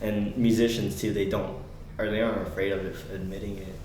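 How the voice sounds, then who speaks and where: Low-voiced young man, echoey room. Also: flat delivery, darkish tone. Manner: easygoing, encouraging, halting with fillers. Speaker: podcast co-host. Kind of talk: casual chat. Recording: echoey room, faint hiss.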